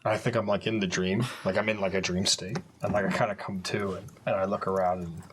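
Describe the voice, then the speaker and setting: A man's voice: sits low, fairly even intonation, fast talker. Hesitant male tabletop player, noisy line. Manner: hesitant, filler-heavy describing. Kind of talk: tabletop game role-play chat.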